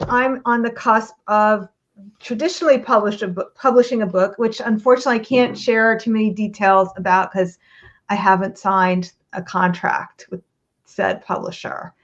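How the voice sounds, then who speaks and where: A woman's voice: mid-range voice, fairly even intonation. A woman hosting a podcast interview in a casual, playful, teasing way. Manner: playful, teasing, quick asides. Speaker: podcast host. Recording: slightly dull, lo-fi audio.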